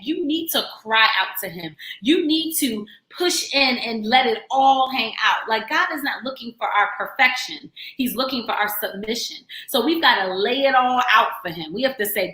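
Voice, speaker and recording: A woman's voice: high-pitched, pushed and bright, roomy sound. A woman in her thirties hosting a radio show, speaking in an earnest, encouraging, conversational way about faith. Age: 30s. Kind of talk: heartfelt faith talk.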